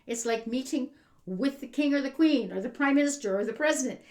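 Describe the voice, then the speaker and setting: A woman's voice: high-pitched, fairly quick, a little mellow. Indignant woman ranting, roomy echo. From Canada. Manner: exasperated, indignant, emphatic. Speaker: vlogger. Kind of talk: ranting commentary.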